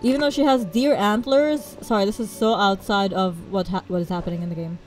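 A young woman streams a game and chats casually with viewers, filling her sentences with "like" and breaking into giggles. Her voice sits at an ordinary middle pitch, with faint music behind her. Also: steady tone, fairly quick, darkish tone, poor audio. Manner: chatty and giggly, many "like"s.

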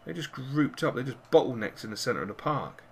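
Excitable man commentating a game. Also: mid-range voice, brisk, creaky, slight background noise. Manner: excitable, cursing and cheering at the game. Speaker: gaming channel host. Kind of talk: live football video game commentary.

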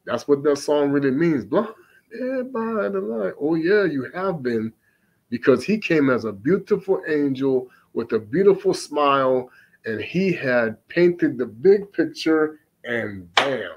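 A man's voice: mid-range voice, expressive, husky, lo-fi sound. Emphatic preaching man. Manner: emphatic, asks many rhetorical questions; reads archaic scripture aloud slowly. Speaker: religious teacher. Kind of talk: preaching commentary on scripture readings.

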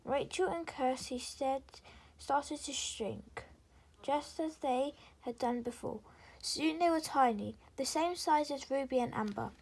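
A woman reading a children's storybook aloud in a soft, gentle, half-whispered way. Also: high voice, unhurried, poor audio.

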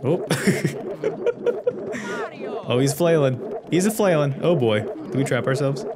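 A man's voice: medium pitch, a little slow, very noisy. A man who hosts a gaming channel, giving joking, sarcastic let's play commentary. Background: game music.

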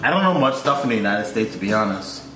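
A man's voice: on the low side, very animated, quick pace, roomy sound, background noise. A man hosting a reaction video, joking loosely in casual slang and swearing freely.

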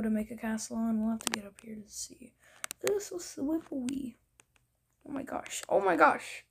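Excitable young woman narrating her gameplay. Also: on the high side. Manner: excitable, thinks aloud, drops to whispers. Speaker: gaming video creator. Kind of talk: casual gameplay commentary. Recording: faint background noise.

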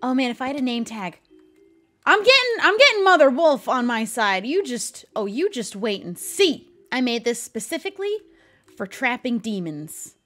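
A woman streamer giving let's play commentary, excitable, often gasping and shrieking. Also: fairly high pitch, normal speed, soft background music. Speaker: gaming streamer.

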